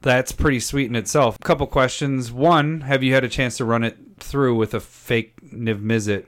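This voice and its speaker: A man's voice: mid-range voice, fairly even intonation, moderate pace. A man co-hosting a casual card-game chat, teasing his partner and laughing often. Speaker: podcast co-host.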